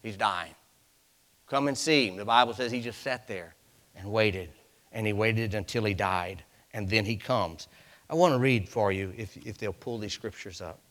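A man preaching a sermon, reading scripture in old King James wording and swinging from hushed whispers to shouted climaxes. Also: fairly low pitch, moderate pace.

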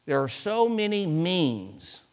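A man preaching to his church, his voice sitting a touch high for a man. He talks to the congregation in a loose, chatty way, acting out little scenes and calling out hallelujahs as he goes. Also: very animated, slow pace. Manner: preachy, conversational, with acted-out asides and hallelujahs. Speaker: pastor. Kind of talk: sermon.

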